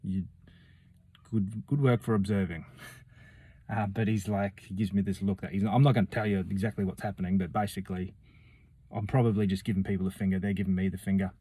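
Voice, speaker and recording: A man's voice: low voice, level tone, fast talker, warm tone, husky. A man telling a rambling, casual story, swearing freely and acting out what other people said.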